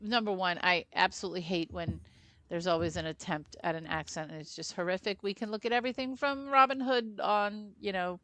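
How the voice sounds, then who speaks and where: A woman's voice: medium pitch, fairly quick, pushed and bright, no echo. A woman co-hosting a film podcast, giving her opinions in long explanations during a casual chat.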